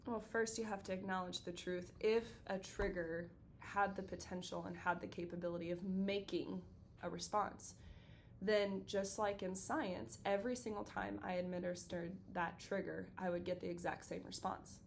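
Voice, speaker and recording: A middle-aged woman counselor talking through therapy concepts in a relaxed, chatty way. She tells stories with animation and plays out the voices of the people in them. Faint noise and a low rumble sit under her voice. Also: moderate pace, gravelly. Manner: animated storyteller acting out quoted voices. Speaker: counselor and podcast co-host. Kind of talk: casual explanatory chat.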